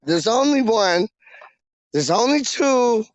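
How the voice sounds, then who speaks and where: A man hosting a casual livestream chat, excitable and slangy, repeating catchphrases. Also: extremely high pitch, takes it slowly, no room sound, highs cut off. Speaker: livestream host.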